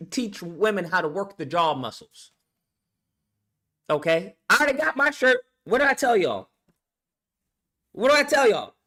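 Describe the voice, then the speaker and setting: Bright, animated man ranting. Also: high-pitched. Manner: profane, blunt, full of rhetorical questions. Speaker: vlogger. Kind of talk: ranting commentary.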